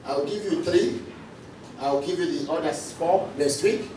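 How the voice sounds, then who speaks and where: Heard from a distance in an echoey hall with faint noise, a male pastor calls out and repeats lines for his congregation to respond to. His pitch is fairly high and his pace a little slow.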